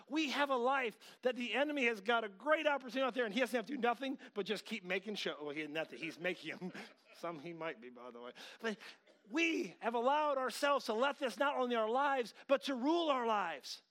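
A middle-aged man preaching with a high-pitched voice. He talks in an animated way, jumping from loud, pushing outbursts to quiet asides. He often slips into quoted voices as he tells a story. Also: a little fast. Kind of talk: sermon.

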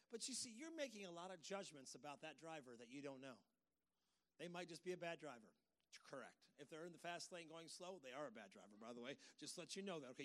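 A man's voice: fairly high pitch, fairly bright tone. A middle-aged man preaching a conversational sermon as a pastor, emphatic, with folksy asides.

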